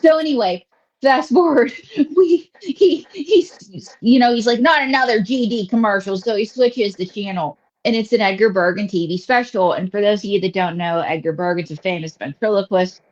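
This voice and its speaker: A woman's voice: mid-range voice, moderate pace, darkish tone. Chatty Western Pennsylvania woman comedian. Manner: chatty storyteller, rambling with many fillers and asides. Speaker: comedian guest. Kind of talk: casual interview chat. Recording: slightly dull lo-fi audio.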